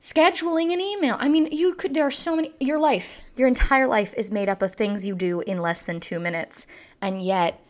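A woman co-hosting a casual book chat, talking in an animated, emphatic way. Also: fairly high pitch. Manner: animated, emphatic, quick laughs.

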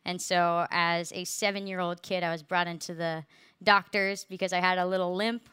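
A woman's voice: fairly low pitch, flat delivery, normal speed, sharp tone, smooth, dry recording, studio quality. A young woman earnestly sharing her personal faith testimony with a group, with many fillers. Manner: earnest, many fillers, laughs through hard parts.

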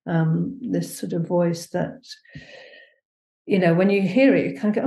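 A woman's voice: fairly low pitch, a little slow, creaky, mellow. A woman performance maker being interviewed, talking in a hesitant, searching way with many fillers. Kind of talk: casual conversation. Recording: echoey room.

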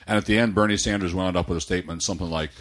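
An older American man in casual conversation about books, relaxed and rambling, now and then reading a passage aloud. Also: low-pitched, rapid-fire. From United States.

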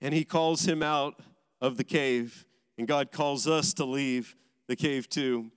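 A man's voice: medium pitch, steady tone, slow, smooth. A man preaching a sermon as a pastor, driving his points home with emphatic repeated phrases. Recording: large hall with long reverb.

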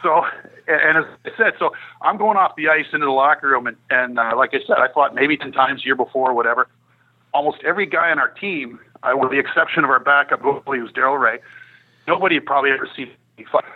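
A middle-aged man telling a lively hockey story on a podcast, laughing and acting out what people said. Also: medium pitch, fast talker, husky, narrow, tinny audio. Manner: animated, laughing, acting out quotes. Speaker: guest storyteller, former hockey player.

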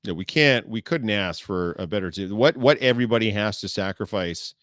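A man hosting a podcast in casual chat, expressive and swearing as he acts out his own reactions. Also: on the low side, a little fast, no echo. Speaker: podcast host.

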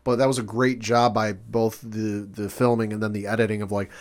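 A man's voice: on the low side, flat delivery, brisk. A man co-hosting a casual film podcast, often chiming in with short agreements and adding his own views. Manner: frequent short agreeing interjections. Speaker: podcast co-host.

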